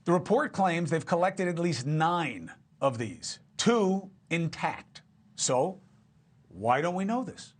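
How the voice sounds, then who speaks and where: A man anchoring a cable news show, speaking in a fairly high voice. He leans hard on key words and keeps his delivery punchy and emphatic. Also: big pitch swings, takes it slowly.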